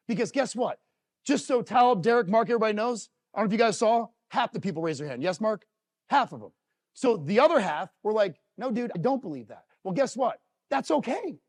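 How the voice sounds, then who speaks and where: A middle-aged man giving a live motivational talk to a company audience, telling emotional stories and swinging from loud to hushed. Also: high voice. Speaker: motivational speaker.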